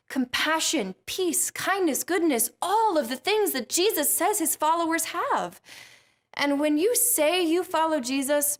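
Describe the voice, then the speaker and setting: A woman hosting a kids Bible lesson, chatty and jokey. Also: high-pitched. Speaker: host.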